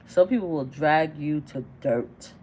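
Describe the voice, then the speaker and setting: A woman's voice: low voice, unhurried, a little mellow, slight background noise. A middle-aged woman hosting a casual reaction livestream, chatting and firing off exasperated, repeated rhetorical questions. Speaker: livestream commentator.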